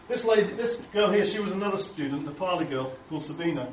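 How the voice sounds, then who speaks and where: A rather high-voiced Englishman tells chatty, self-mocking stories to a crowd, slipping into the voices of the people he quotes. He sounds distant from the microphone, and his words ring through a large echoey hall. A faint hiss runs underneath. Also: racing, few pauses. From England. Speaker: speaker showing photos to an audience. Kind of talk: humorous anecdotal talk.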